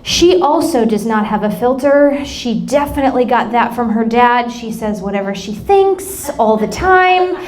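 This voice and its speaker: A woman's voice: on the high side, expressive, moderate pace, few pauses, slight background noise. A woman in her thirties preaching a sermon, telling personal stories in a candid, emotional, self-deprecating way. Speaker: pastor.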